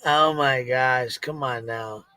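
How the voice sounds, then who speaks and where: A woman's voice: rumbling low, slow, pushed and bright, clear, resonant tone, dry recording. A woman hosting a stream, reacting to clips with sarcastic, mocking commentary. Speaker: host.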